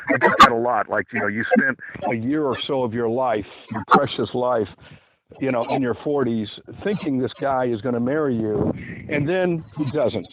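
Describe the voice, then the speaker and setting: A man speaks in a frank, meandering way, stacking up casual asides as he tells his own story at a middle pitch. The sound is thin and tinny, like a phone line, with a steady hiss clearly audible behind his voice. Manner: rambling and blunt, full of "you know" asides. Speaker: author telling his own dating story. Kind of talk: unscripted personal monologue.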